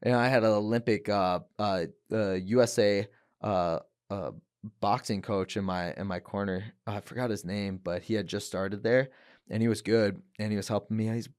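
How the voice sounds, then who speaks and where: A young man on a podcast who tells his story in a casual, animated way and acts out the voices of the people in it. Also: fairly low pitch, moderate pace, smooth. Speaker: guest, fighter. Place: podcast studio.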